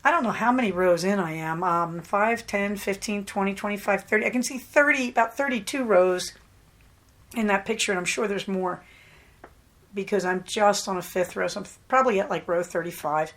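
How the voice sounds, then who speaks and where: A woman with a mid-range voice hosts a podcast, telling a story at normal speed in an easygoing monologue. Animated and quick to laugh, she acts out the voices of those she quotes.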